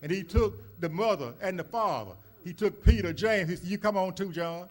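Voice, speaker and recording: High-voiced preaching man. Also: fairly quick. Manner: preaching with rising call-and-response emphasis; folksy storytelling with many uh fillers. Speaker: minister. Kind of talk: sermon. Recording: church service recording.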